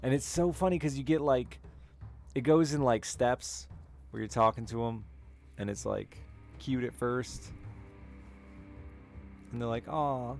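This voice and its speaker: A man's voice: mid-range voice, steady tone, unhurried, a little mellow, faint music behind. A man streaming and chatting with viewers, telling candid, rambling personal stories with frequent laughs. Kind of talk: casual chat with stream chat.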